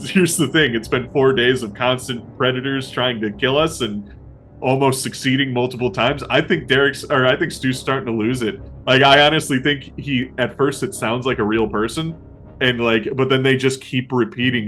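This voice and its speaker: A player and podcast host with a medium-pitched, fairly bright voice talks at normal speed with fairly even intonation. During casual tabletop survival play with a friend, he narrates his character's days loosely, with frequent laughs, swearing, trailing sentences, and repetition.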